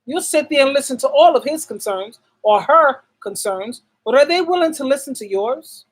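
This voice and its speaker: A woman's voice: high-pitched, lively intonation, moderate pace, poor audio. Blunt, emphatic middle-aged woman advising. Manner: emphatic, asks rhetorical questions and answers them herself; blunt, repeats key words for stress. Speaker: relationship advice channel host. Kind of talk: casual advice monologue to camera.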